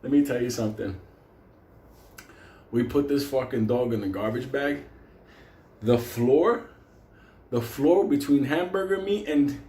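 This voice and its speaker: A man's voice: fairly high pitch, warm tone, reverberant. A man telling a wild story in a casual, profane way, often laughing as he talks. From New York.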